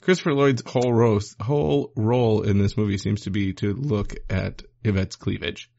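Relaxed, offhand man co-host. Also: fairly low pitch, moderate pace, creaky, highs cut off. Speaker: podcast co-host. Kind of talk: casual movie-review chat.

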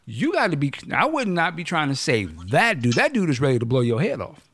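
A podcast host with a fairly high voice and a little hiss or hum in the audio chats casually. He's animated and joking, restarting his sentences in halting fashion as he goes.

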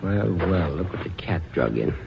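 An actor playing a bitter, grieving ground crew sergeant in 1940s radio acting, curt and sarcastic. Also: male voice, low voice, lively intonation, normal speed, gravelly, muffled recording, noisy background. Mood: sullen.

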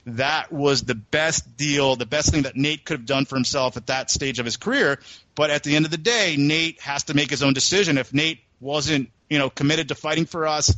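A man's voice: on the high side, fairly bright tone, no echo. A man co-hosting a podcast, telling a long story in a casual, rambling way, full of restarts. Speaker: podcast co-host. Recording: dull, dry recording.

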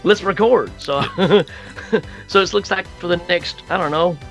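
A man guesting on a podcast, rambling and joking in a relaxed, casual way. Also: high-pitched, a little slow, soft background music.

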